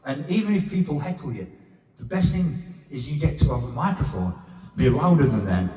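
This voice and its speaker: Middle-aged stand-up, crude and blunt, lively pitch, recorded far off in a reverberant pub room. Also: male voice, a little fast. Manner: crude, blunt storytelling with swearing. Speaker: stand-up comedian. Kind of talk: stand-up comedy set. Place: pub comedy room with a live audience.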